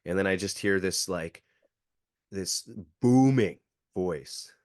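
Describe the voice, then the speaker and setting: A low-voiced Canadian jiu-jitsu coach, appearing as a podcast guest, tells a casual story slowly. His speech is full of fillers and he acts out quotes. The recording is studio quality with no room sound.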